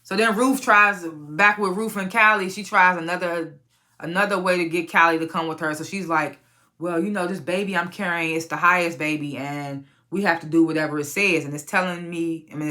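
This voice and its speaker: A woman casually recapping a TV episode, profane and animated, often laughing and acting out the characters' lines. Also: lowish voice, normal speed. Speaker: TV recap reviewer.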